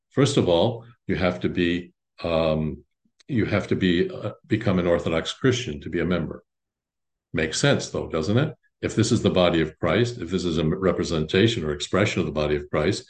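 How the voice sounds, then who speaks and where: Low-voiced priest guy, chatty and halting, lots of restarts, talking to his parish. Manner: halting, many restarts and fillers, conversational. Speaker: Orthodox priest. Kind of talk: informal parish teaching talk.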